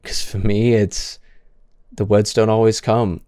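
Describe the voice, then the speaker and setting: A man's voice: on the low side, flat delivery, measured pace, warm tone, clean tone, no room sound, clean studio sound. A man in his twenties who stutters, giving impassioned stream commentary with frequent restarts and repeated words.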